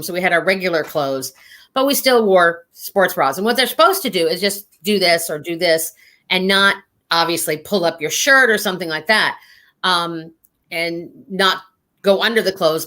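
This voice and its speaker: A woman's voice: on the low side, pushed and bright. A woman guest chatting casually, telling a long story with many fillers and restarts, laughing as she goes. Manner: rambling, halting with fillers, laughing through stories. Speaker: guest, standardized patient actor.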